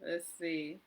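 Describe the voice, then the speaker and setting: A woman's voice: mid-range voice, warm tone. A woman voice coach giving tips in a casual live online session, chatty, laughing often and acting out little voices.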